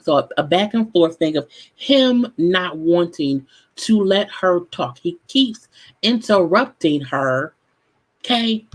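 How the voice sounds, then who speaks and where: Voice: mid-range voice, animated, a little slow, rough recording. Blunt, profane recap host. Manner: blunt, profane, exasperated running commentary. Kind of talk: casual recap commentary.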